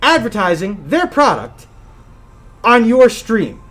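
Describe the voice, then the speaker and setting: A man co-hosts a live gaming podcast in loose, joking chat. His voice sits high and swings up and down a lot. He curses offhandedly and teases his co-host. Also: slow, faint music behind. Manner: animated, jokey, swears casually.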